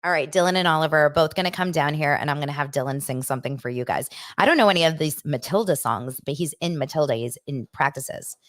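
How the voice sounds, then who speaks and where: A woman's voice: low voice, fast, few pauses. A middle-aged woman hosting a casual live stream, chatty and upbeat, gushing like a proud mom. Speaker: host.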